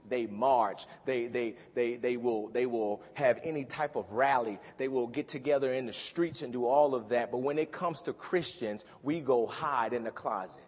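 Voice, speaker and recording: Raspy-voiced preacher man in a reverberant hall. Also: mid-range voice. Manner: preaching with rising fervor, drawn-out scripture reading. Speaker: pastor. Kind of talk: sermon.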